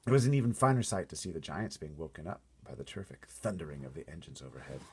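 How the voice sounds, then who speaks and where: A man reading a children's novel aloud in an expressive, animated storytelling manner. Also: low-pitched, slightly rough. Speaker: storybook reader.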